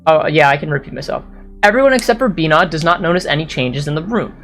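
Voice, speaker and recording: Low-voiced woman game master. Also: lively intonation, fast, faint music behind. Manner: descriptive, apologetic asides, some slips. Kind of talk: narrating a tabletop game.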